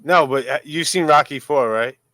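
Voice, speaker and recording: A man's voice: on the high side, normal speed, sharp tone, no echo. A man co-hosting a casual livestream, laid-back, laughing often and cracking crude jokes. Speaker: co-host.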